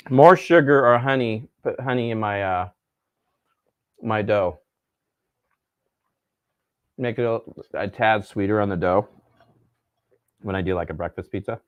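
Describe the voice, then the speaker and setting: A man's voice: on the low side, a little slow, pauses often, no echo, lo-fi sound. Chatty man, very dry close sound. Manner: enthusiastic, chatty, storytelling with voices. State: tired from staying up late. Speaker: cooking live streamer. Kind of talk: casual live stream chat.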